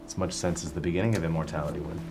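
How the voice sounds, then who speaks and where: A man's voice: a bass voice, steady tone, very fast. A man directing a play read-through, coaxing and patiently strained, with faint music behind. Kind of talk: rehearsal direction.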